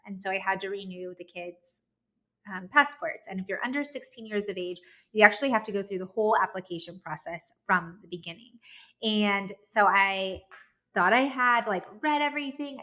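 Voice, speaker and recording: A woman in her thirties telling a personal story in a talk, acting out what she and others said along the way. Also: mid-range voice. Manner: animated storytelling, acts out her own quoted lines. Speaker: speaker giving a talk.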